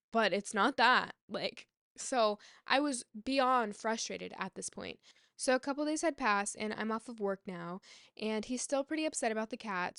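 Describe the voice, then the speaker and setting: A young woman tells a personal story, chatty and exasperated, her speech full of "like" and "um." Her voice sits at an ordinary pitch and comes out smooth and clear. The sound is dry and close, with no room echo. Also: fairly bright tone. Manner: chatty, frequent "like" and "um" fillers; exasperated, emphatic. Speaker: vlogger. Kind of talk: casual storytime monologue.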